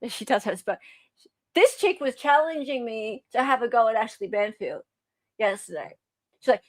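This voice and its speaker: A woman's voice: fairly high pitch, lively intonation, moderate pace, no room sound. An Australian woman hosting casual true crime commentary, chatty and sarcastic.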